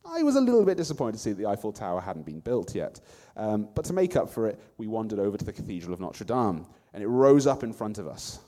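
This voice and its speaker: A man narrating a first-person story in an expressive way. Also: on the low side, quick pace, hardly any pauses, big-room sound.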